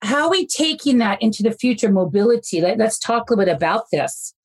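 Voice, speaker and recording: A woman's voice: fairly high pitch, very animated, fast talker, slightly rough. A woman hosting a podcast, speaking in an eager, gushing way. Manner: enthusiastic, gushing. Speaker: podcast host. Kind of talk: casual interview talk.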